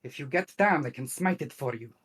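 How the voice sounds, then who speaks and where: A man's voice: medium pitch, animated, fairly quick, fairly bright tone, slightly rough. Guy playing a stern holy warrior, solemn warnings, mid voice.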